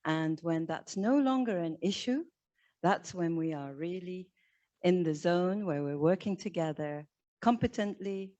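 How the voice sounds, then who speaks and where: A woman with a fairly low voice addresses a workshop audience. She speaks in a measured, reflective way and pauses now and then to find her words. Her talk is recorded for camera in a lecture room. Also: darkish tone, muffled recording. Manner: measured, reflective, slightly hesitant. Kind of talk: conference talk. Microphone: recorded for camera from a podium.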